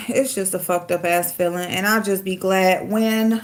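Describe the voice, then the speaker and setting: A woman's voice: mid-range voice, steady tone, normal speed. A middle-aged woman talks straight into her phone on a livestream, frank, blunt and swearing as she vents. Her voice sits in a middle register, with a faint hiss of room noise behind it. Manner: frank, venting, loose and swearing. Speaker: livestream host. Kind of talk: casual livestream chat.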